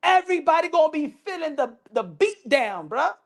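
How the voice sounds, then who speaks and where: A woman's voice: sits high, big pitch swings, normal speed. A woman giving a brash, profane and mocking boxing commentary vlog.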